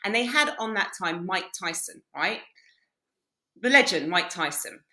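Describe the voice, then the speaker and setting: Woman, blunt, swearing storyteller, lively pitch, echoey room. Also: measured pace. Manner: blunt, animated storyteller who swears and laughs. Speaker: podcast guest, dating coach. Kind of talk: casual podcast conversation.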